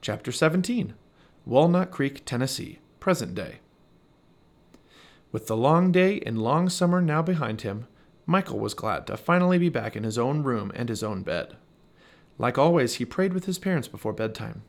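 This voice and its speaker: A man reading a children's chapter book aloud with expressive, animated storytelling. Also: medium pitch, moderate pace. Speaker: storybook reader.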